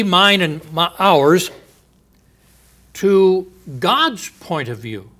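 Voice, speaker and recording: A man preaching a sermon in an earnest teaching manner, posing rhetorical questions and pausing for emphasis. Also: high voice, pushed and bright.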